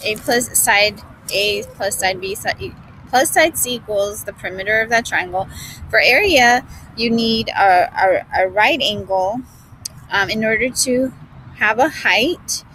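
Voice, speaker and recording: A young woman going over her math class notes in a casual way, pausing often with fillers. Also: medium pitch, sharp tone, a little hiss or hum, poor audio. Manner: playful at first, then hesitant with many fillers. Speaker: student reviewing class notes. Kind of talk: casual study review.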